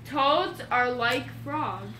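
A woman vlogger in a casual party game, playfully repeating phrases and shouting them loudly. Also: high-pitched, lively intonation, very slow, roomy sound, slight background noise.

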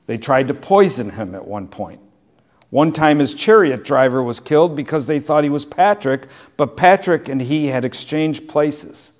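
A middle-aged man preaching a sermon as pastor, moving from plain exhortation into relaxed storytelling with dry humor. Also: a little high, moderate pace.

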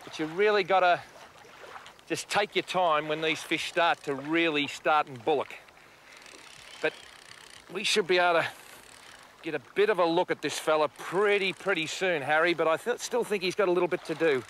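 A man's voice: a little high, normal speed, pauses often, a bit bright, slight background noise. A middle-aged Australian man hosting a fishing show, exuberant and jokey, talking straight to viewers from a boat outdoors. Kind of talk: excitable fishing show commentary.

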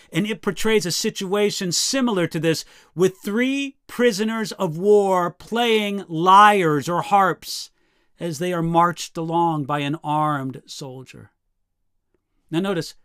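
Male pastor, fairly high voice, measured reflective Bible teaching. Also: fairly bright tone, clear, resonant tone, no echo, studio quality. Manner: measured, reflective, reads quotations with feeling.

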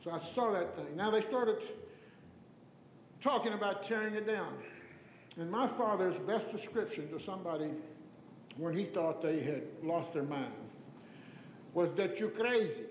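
High-voiced older Texan man in echoey hall. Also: unhurried, long pauses. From Tyler, Texas. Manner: animated, acts out voices in his stories, chuckles. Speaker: storyteller giving an oral history. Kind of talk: folksy anecdotal talk to an audience. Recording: echoey hall recording with faint noise.

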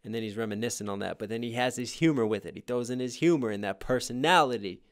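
A man reacting to a rap song and breaking down its lines one by one, with sudden bursts of hype between calm explanations. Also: medium pitch, fast, clean tone, soft background music. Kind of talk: casual reaction and lyric breakdown. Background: hip hop track playing faintly.

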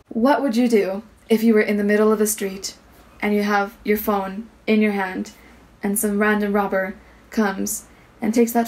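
A woman vlogger telling a personal story to camera, earnest and halting. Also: mid-range voice, gravelly, darkish tone.

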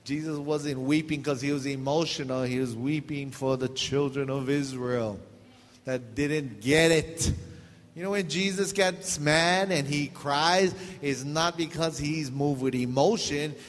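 A man's voice: on the high side, steady tone, unhurried. A man pastor, preaching a joking sermon, laughing often and acting out quotes. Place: church hall. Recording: long hall reverb, faint noise.

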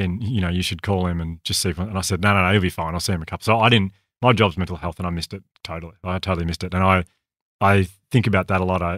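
Australian male podcast co-host, earnest and fast, dry close mic. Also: deep voice, a bit bright, no echo. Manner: earnest, talks quickly with restarts. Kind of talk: candid conversational storytelling.

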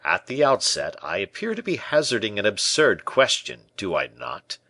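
A man voicing a suave, scheming churchman who speaks in soft, honeyed tones. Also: on the low side, very animated, normal speed, dry recording, exaggerated voice.

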